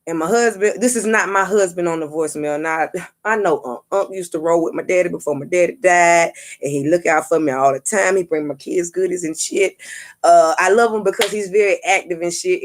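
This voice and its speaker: Profane, animated storytelling woman. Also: mid-range voice. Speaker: psychic reader and vlogger. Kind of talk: casual storytelling vlog.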